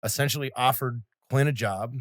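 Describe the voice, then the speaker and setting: Male podcast host, mid-pitched voice, easygoing, keeps the chat moving. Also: a little fast, no echo, clean studio sound. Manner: easygoing, prompts the guest with questions. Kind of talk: casual chat.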